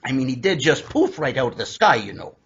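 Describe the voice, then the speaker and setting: A man hosting a podcast interview, playful and storytelling, often stumbling over his words, with a husky voice, recorded in dull lo-fi. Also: mid-range voice, very animated, fairly quick, fairly bright tone. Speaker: podcast host.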